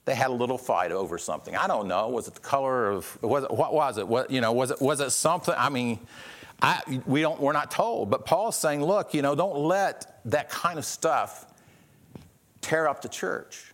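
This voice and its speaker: A man preaching a sermon in a conversational way, often repeating and restarting words and rising in pitch when he stresses a point. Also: normal speed, fairly bright tone. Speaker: pastor.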